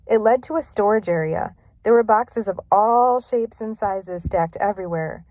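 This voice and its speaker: A woman's voice: medium pitch, moderate pace, a little mellow, no echo. Woman reading a children's storybook. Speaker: narrator. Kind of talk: storybook read-aloud.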